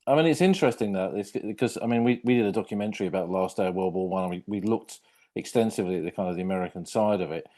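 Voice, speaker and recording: Deep mellow British man. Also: racing. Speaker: podcast host. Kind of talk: casual conversation.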